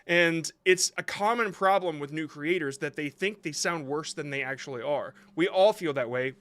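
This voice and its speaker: A man hosting a live stream, reviewing short videos sent in by viewers. His voice is slightly high and very bright. He rambles in a casual way, thinks aloud and reassures his viewers as he goes.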